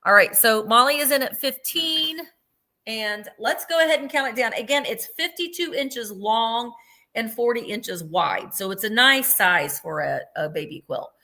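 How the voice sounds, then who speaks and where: A middle-aged woman hosting a live sale in a bright, forceful voice that sits a bit above the usual pitch. She chats loosely and gushes over every detail. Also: animated, moderate pace. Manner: chatty, gushing, describes items at length. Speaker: host of a live vintage sale. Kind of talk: casual live-sale chat.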